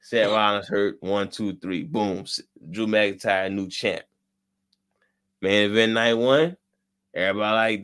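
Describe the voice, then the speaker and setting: A man's voice: fairly low pitch, unhurried, fairly bright tone. A man co-hosting a casual wrestling podcast, talking bluntly with slang and profanity. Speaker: podcast co-host.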